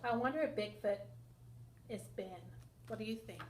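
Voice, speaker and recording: A woman teacher reading a picture book aloud to children, expressive and asking them questions. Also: a little high, moderate pace. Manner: expressive, asks listeners questions, sound effects. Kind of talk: children's read-aloud lesson. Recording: echoey room with faint noise.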